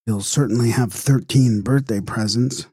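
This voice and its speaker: A man voicing a stout, tipsy middle-aged fortune-teller woman who repeats herself in a slow drawl. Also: mid-range voice, mellow, husky, dry recording, clean studio sound, close to an everyday voice. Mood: droning. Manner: drawling, repetitive.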